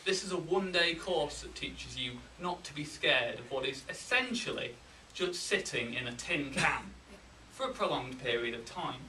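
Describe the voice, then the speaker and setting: A Yorkshire man delivers a humorous contest speech with deadpan timing, his voice bright and a bit high. The sound is roomy and distant, as if picked up from across a hall, with a faint hiss behind it. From England. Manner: deadpan comic timing, pausing for laughs. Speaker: contest speaker.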